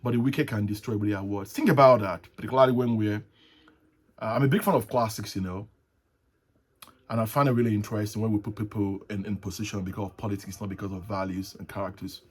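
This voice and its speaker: A man hosting a casual solo talk show, rambling and halting, with frequent restarts and soft chuckles. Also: fairly low pitch, husky. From Nigeria. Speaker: host. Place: at home, with tea.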